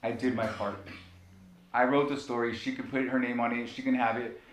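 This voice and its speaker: A man's voice: little pitch movement, fairly quick. A male pastor preaching a sermon, telling a personal story with passion and repeating key phrases. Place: church sanctuary. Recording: echoey church room with faint rumble.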